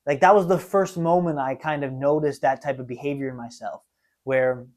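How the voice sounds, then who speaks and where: A man's voice: mid-range voice, steady tone, moderate pace, a little mellow. A man of twenty hosting a solo podcast, talking earnestly and self-reflectively, often tagging his thoughts with "right?". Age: 20s. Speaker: podcast host. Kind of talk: solo confessional monologue.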